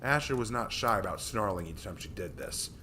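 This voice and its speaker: A man streaming a reading of his own story, narrating with lively delivery and the odd slip. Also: lowish voice, fairly quick, a little hiss or hum. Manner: lively reading, some slips and restarts.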